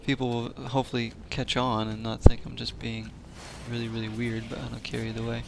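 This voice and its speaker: A man's voice: mid-range voice, level tone, normal speed, gravelly, heavy background noise. Chatty man commentating a game. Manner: chatty, joking, laughs often, talks to chat. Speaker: gaming channel host. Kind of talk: casual let's-play commentary.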